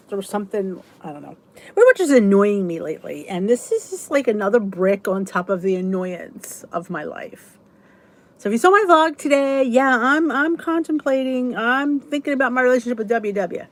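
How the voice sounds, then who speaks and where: A woman hosting a casual livestream chat, greeting viewers by name and rambling through chatty asides. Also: high voice. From United States. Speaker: livestream host.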